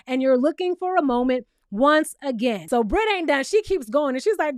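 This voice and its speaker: A woman's voice: sits high, big pitch swings, normal speed. A woman hosting a casual TV recap, sassy and emphatic, tagging her points with "okay?". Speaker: show recap host.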